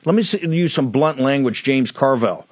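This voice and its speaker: A man's voice: medium pitch, expressive, normal speed, no room sound. A man hosting a political talk show, delivering a blunt, fiery, emphatic monologue.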